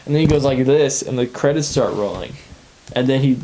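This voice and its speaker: A man's voice: medium pitch, fairly quick, mellow, slight background noise, rough recording. A man co-hosting a casual podcast chat, animatedly retelling scenes and acting out the characters' lines. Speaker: podcast co-host.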